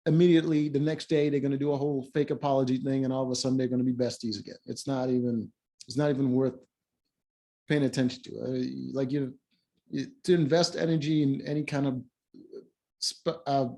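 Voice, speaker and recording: A man with a mellow, medium-pitched voice chats casually as a show reviewer, recapping an episode of a reality show. He rambles, full of fillers and restarts, and tosses in blunt asides.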